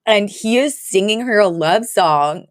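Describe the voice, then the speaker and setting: A woman's voice: medium pitch, animated, a little slow, no room sound. Woman, podcast co-host, casual recap, chatty, dry close sound. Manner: chatty, many filler likes, acts out quotes.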